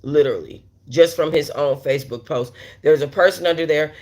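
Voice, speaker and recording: A woman's voice: sits low, a little fast, darkish tone. Blunt, profane woman telling a story live. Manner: talks straight to viewers with many asides. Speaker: host of a storytime livestream. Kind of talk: casual storytelling while reading live chat.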